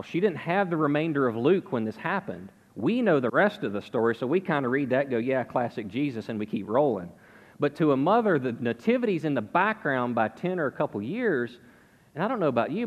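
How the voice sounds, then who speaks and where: A man's voice: medium pitch, dull audio. A man preaching a sermon, explaining scripture in a conversational, casual way. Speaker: pastor. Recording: long hall reverb.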